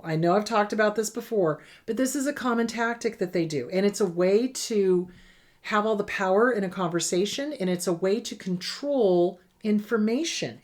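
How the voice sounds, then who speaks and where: A woman's voice: medium pitch, expressive, normal speed, darkish tone. Emphatic, blunt woman therapist. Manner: emphatic, blunt, acts out abusers in mocking voices. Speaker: therapist answering viewer questions. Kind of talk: live Q&A advice talk.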